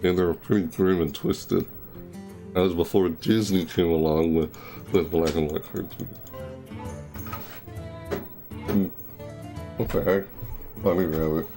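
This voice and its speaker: A man's voice: sits low, steady tone, measured pace, long pauses, over music. A young man chatting casually during a live game stream, rambling and repeating and correcting himself. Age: young adult. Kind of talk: casual live-stream chat over gameplay.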